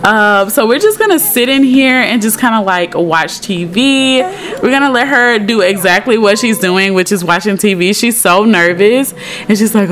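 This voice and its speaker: A woman's voice: mid-range voice, animated, moderate pace, fairly bright tone. A young woman giving casual, giggly commentary over a life-simulation game, chatting to her viewers. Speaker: Sims let's play creator.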